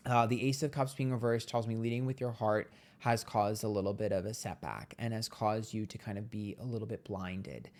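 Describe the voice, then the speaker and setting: A man giving a casual monthly tarot reading, blunt and profane, chatty and playful with sudden jumps in pitch. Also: moderate pace, few pauses, a little mellow. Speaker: tarot reader.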